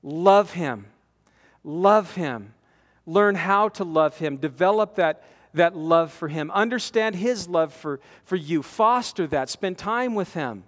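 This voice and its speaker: A man in his forties preaching a conversational sermon to a men's conference, animated, acting out quotes and repeating words as he presses his points. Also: high-pitched, takes it slowly. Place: large conference hall. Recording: long hall reverb from a conference.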